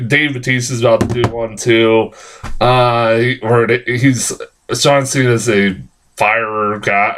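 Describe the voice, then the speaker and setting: A man's voice: medium pitch, a bit bright. Rambling, swearing casual male reviewer. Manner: rambling, profane, frequent fillers and self-corrections. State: tired. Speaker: film reviewer.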